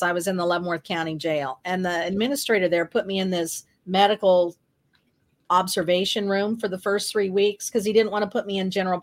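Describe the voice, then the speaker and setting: A middle-aged woman, an author, telling her story earnestly and reflectively as a guest in a podcast interview. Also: mid-range voice.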